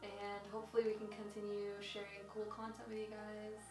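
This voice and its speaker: A young woman vlogger telling an engagement story in casual chat, animated and laughing as she talks. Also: medium pitch, fairly quick. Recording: roomy, distant, with music.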